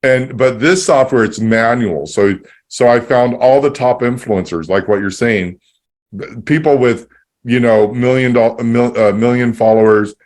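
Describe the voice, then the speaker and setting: Speaking at normal speed in a slightly mellow, mid-range voice, a man hosting a podcast tells a rambling story in casual chat. He restarts often and plays both parts of a conversation.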